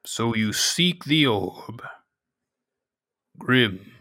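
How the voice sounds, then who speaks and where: A man voicing a solemn male cave villager who speaks slow, halting, broken English. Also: mid-range voice, expressive, pushed and bright, dry recording, studio quality, heavily acted. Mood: ominous.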